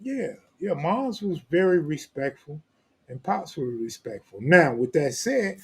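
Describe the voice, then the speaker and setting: A man's voice: fairly high pitch, big pitch swings, a little slow, slightly rough. A man hosting a live stream, reading viewer comments in blunt, profane, joking street talk. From Los Angeles, California. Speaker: host.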